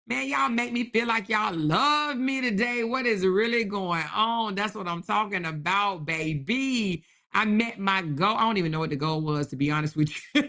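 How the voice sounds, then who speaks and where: A woman hosting a live stream, chatting casually and animatedly with her viewers in slangy, exclamatory talk. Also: a little high. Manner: animated, talks straight to her chat with slang and repeated exclamations.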